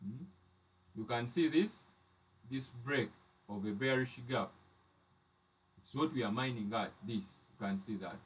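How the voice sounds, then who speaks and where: A man's voice: medium pitch, measured pace, pauses often, recorded from a distance. A man teaching trading charts step by step, often repeating and restarting his phrases. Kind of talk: live chart lesson.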